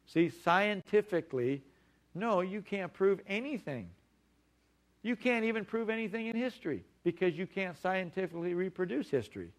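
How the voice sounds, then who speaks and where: Man, preacher, sermon, slightly high-pitched, emphatic, repeats key words, draws out stressed phrases. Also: animated, normal speed. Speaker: pastor.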